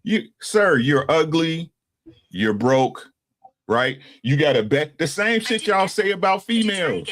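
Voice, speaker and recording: Older guy in his 60s, kinda high voice, blunt and cussing, keeps going "right?". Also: very animated, unhurried, fairly bright tone. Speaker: podcast co-host. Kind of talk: casual opinion talk.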